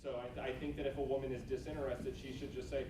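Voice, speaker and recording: A man's voice: medium pitch, little pitch movement, quick pace, dark tone, roomy sound. Blunt man speaking from far back in a room. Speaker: audience member. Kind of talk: speaking up in a seminar. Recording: distant room mic with background noise.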